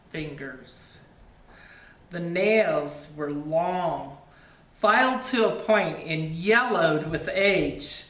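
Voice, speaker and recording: A woman reads a spooky children's book aloud at a slow, deliberate pace, leaning into the drama. Her voice is bright and forceful. The recording sounds distant and roomy, a little dull, with a faint hiss. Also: lowish voice. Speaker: reader. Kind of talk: storybook reading aloud.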